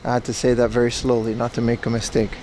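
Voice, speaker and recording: A man's voice: mid-range voice, monotone, fast talker, background noise. A sleep-deprived man hosting a casual livestream, joking sarcastically with chat while walking along a city street. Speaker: livestream host. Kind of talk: casual IRL stream chat, reading chat.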